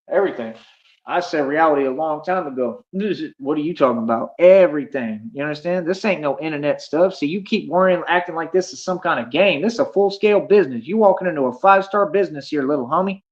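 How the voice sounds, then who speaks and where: A man's voice: on the high side, lively intonation, a little fast. A man livestreaming, ranting at his chat in a boastful, confrontational, slangy way. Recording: dull lo-fi stream audio.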